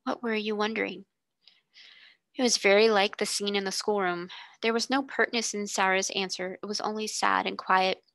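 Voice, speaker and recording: A woman tutor reading a classic novel aloud in a steady, expressive way. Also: mid-range voice, moderate pace, vocal fry, few pauses, no echo.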